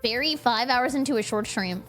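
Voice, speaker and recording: A young woman streamer in casual, rambling chat with her viewers, giggly and excitable. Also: on the high side, normal speed, faint music behind. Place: home streaming setup.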